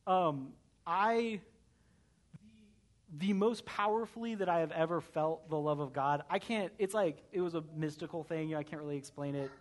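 Earnest young pastor preaching casually. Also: male voice, on the high side, normal speed. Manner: earnest, conversational, frequent "right?" tags. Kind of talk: sermon.

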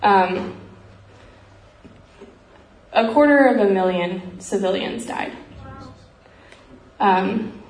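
A woman earnestly telling a missionary story in a heartfelt talk, often pausing with "um" and growing emotional. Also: mid-range voice. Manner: earnest, frequent ums, grows emotional. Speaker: speaker sharing a missionary story. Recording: roomy echo, faint background noise.

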